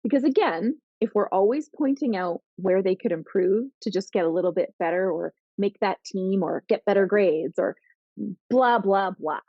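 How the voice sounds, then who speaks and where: A woman giving parenting advice on a podcast, earnest and animated, acting out what teens and parents say. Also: medium pitch, normal speed, no echo, muffled recording. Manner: earnest, animated, acts out teen and parent voices. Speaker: parenting coach guest.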